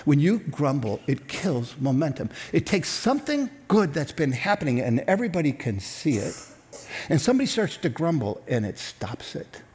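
A middle-aged man preaching a sermon in a church, conversational and animated, dropping to hushed tones for emphasis. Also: fairly high pitch, normal speed. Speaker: pastor.

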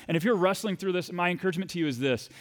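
A man's voice: sits high, racing. Fervent storytelling male pastor. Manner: conversational storytelling preacher, rising to fervent emphasis. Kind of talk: sermon.

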